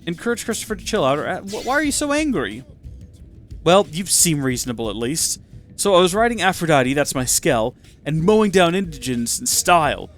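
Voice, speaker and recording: A man playing a hotheaded vain young guy. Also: high-pitched. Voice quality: ranting, exasperated.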